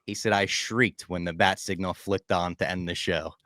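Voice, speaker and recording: A man co-hosting a podcast, recapping a TV finale in casual chat, animated and swinging from loud outbursts to low asides. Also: moderate pace, no room sound. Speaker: podcast co-host.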